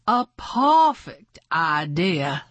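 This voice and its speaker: A woman's voice: low voice, very animated, extremely slow, a bit bright, no room sound, full character voice. A woman voicing a glamorous, gracious lady dog who is a movie star, speaking in a grand, theatrical way.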